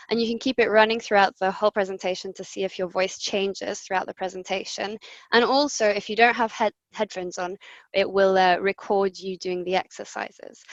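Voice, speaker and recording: A woman's voice: mid-range voice, dry recording. Woman, voice coach, friendly step-by-step instructions, dull dry call audio. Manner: friendly instructive, many ums. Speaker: voice coach presenter. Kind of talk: guided voice exercises over video call. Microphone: computer mic on video call.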